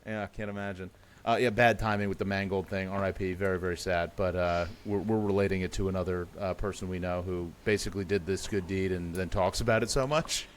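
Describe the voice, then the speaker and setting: A man's voice: low-pitched, steady tone, quick pace, slight background noise. A man co-hosting a sports podcast, chatting casually and rambling with sarcastic asides. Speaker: podcast co-host.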